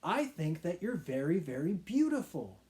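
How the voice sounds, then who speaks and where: Brief: storybook figure, gentle lonely man with smelly feet, voiced by a man with a mellow, lively tone. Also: high voice, normal speed.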